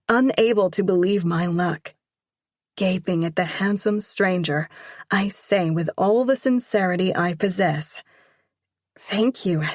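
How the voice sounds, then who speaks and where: A woman reading a first-person romance audiobook in a slow, measured way. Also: fairly low pitch, no room sound, studio quality. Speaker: audiobook narrator.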